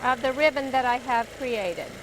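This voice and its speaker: A woman's voice: sits high, normal speed. Chatty woman demonstrating at her machine. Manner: chatty, narrating each step as she stitches. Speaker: longarm quilting instructor. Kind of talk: hands-on demonstration. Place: quilting studio beside a running longarm machine. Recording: steady machine noise behind the voice. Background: longarm sewing machine hum.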